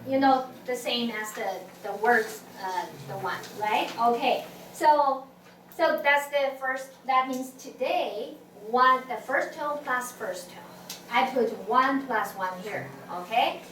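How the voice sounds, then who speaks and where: A woman's voice: high voice, slow, fairly bright tone. A woman teaching a language class, patient and full of restarts, singing tones for students to repeat. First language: Mandarin Chinese. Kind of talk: classroom teaching, call and response. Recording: echoey classroom from far off, noisy.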